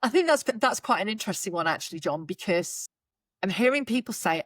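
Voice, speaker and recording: A woman hosts a career podcast in a mid-pitched, natural voice. She is encouraging and reflective, and she speaks articulately. The recording is close and dry. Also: lively intonation, brisk, fairly bright tone, no room sound. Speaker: podcast host. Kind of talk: interview hosting.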